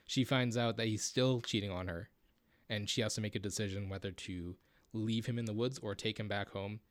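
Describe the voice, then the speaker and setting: A man's voice: on the low side, fairly even intonation, a little fast, no echo. A man co-hosting a podcast, chatting casually and rambling with many fillers and restarts. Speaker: podcast co-host. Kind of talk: casual chat.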